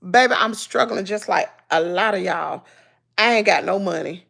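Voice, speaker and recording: A woman's voice: medium pitch, moderate pace, creaky, fairly bright tone. A woman with a Southern US accent chatting casually to her livestream viewers, folksy and preachy, repeating herself for emphasis. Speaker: YouTuber talking to live chat.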